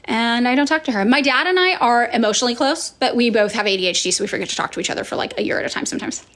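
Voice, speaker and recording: A woman in casual chat, answering viewer questions as a political influencer, frank and profane, with sighs and fillers, and she acts out other people in sudden high voices. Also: racing, a bit bright. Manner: chatty with many fillers and sighs.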